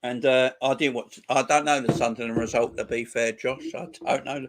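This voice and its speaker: A man's voice: mid-range voice, fairly even intonation, moderate pace, a little hiss or hum. A man in his forties hosting a football channel, chatting casually with viewers on a live stream in crude, mocking banter. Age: 40s.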